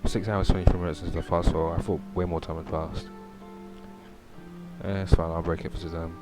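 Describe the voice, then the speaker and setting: A man's voice: low voice, flat delivery, a little fast. A young man casually commenting on a horror visual novel and reading it aloud, rambling with many fillers. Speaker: streamer. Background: game music.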